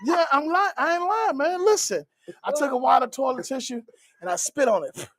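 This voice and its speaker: A man's voice: very high voice, expressive, normal speed, a bit bright, no room sound. A man who is a comedian and pastor, telling crude comic stories on a podcast, laughing through them and acting out other people's lines. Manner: acts out other people's lines in raised voices.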